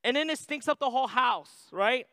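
A man's voice: very high-pitched, normal speed, pushed and bright, clean tone, no echo. A man preaching a sermon in a conversational way, reading scripture aloud and adding "right?" asides. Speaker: pastor.

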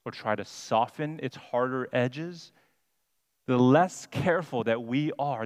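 A man preaching a sermon as pastor, deliberate and emphatic, stressing single words. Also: medium pitch. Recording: long hall reverb.

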